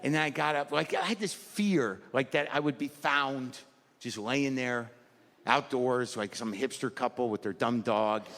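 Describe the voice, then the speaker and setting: Stand-up comic, man in his fifties, mid-pitched, self-deprecating patter, live in a reverberant venue with crowd sounds. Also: unhurried, a bit bright. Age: 50s. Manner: rambling, self-deprecating, acts out inner voices. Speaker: stand-up comedian. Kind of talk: stand-up routine. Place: comedy stage before a live audience. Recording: live stage mic in a large hall, audience noise.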